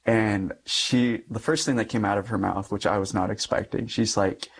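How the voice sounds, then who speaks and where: A man's voice: fairly low pitch, fairly even intonation, moderate pace, slight background noise. A young man, a Catholic priest, earnestly telling a personal story in an interview and often laughing between sentences.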